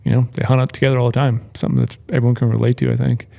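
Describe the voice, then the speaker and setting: A man's voice: mid-range voice, level tone, gravelly, dark tone. A man from Minnesota co-hosting a podcast, teasing the guest in casual chat. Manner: teasing, quick-talking. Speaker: podcast co-host.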